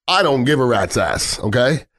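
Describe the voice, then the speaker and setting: A man's voice: medium pitch, sing-song, normal speed, fairly bright tone. A middle-aged man giving a blunt, heated sports talk rant on football, swearing freely and repeating himself as he drives his points home.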